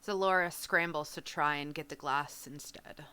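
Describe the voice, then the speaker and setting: Woman player, low slow voice, bright tone, kinda soft. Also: fairly even intonation, clear, resonant tone. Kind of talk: narrating her character's actions.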